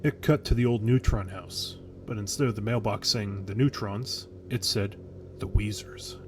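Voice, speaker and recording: A man's voice: lowish voice, steady tone, moderate pace, slight background noise. A man narrating a horror story in a casual, crude way, with nervous restarts. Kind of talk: creepypasta storytelling.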